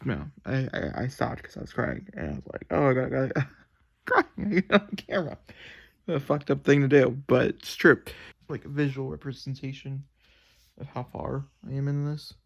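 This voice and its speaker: A man's voice: medium pitch, moderate pace, vocal fry. A young man rambling emotionally about a novel in a casual reading vlog from his bedroom at night, swearing freely. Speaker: book vlogger.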